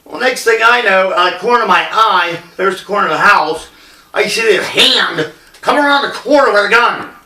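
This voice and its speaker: A man's voice: sits high, expressive, normal speed, bright, forceful tone. A middle-aged man telling a personal story in a blunt, rambling, profane way. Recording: echoey room, distant mic.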